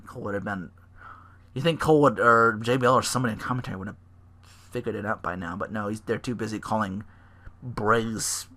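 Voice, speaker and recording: A man hosting a solo podcast, recapping in a rambling, profane, excitable way. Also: on the low side, brisk. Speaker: podcast host.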